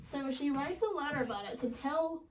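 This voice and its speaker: A young woman casually retelling a classic love story as a joke, with sarcastic asides and quick quoted voices. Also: sits high, expressive, far from the mic, poor audio. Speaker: comedic storyteller. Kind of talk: joking retelling of a classic play.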